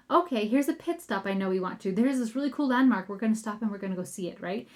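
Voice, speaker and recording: Hosting her own podcast, a parenting coach in her thirties speaks in a mid-range voice, upbeat and chatty, treating her listeners like friends.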